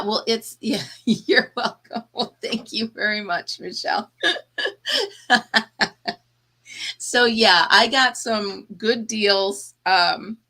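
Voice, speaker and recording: A woman's voice: medium pitch, pushed and bright. A woman hosting a casual live chat, tired and yawning, chatty and laughing often as she talks to her viewers. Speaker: livestream host.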